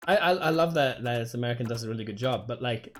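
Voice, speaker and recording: A man's voice: medium pitch, fast, slight background noise. A man from Dorset with an English accent, chatting casually and rambling with lots of fillers while streaming a game. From England, Dorset. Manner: rambling, chatty, self-interrupting with many fillers.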